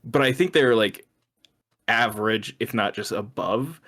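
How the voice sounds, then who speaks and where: A young man in casual podcast chat with a middle-pitched voice. He laughs often and curses offhandedly as he talks. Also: unhurried, a bit bright. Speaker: podcast co-host.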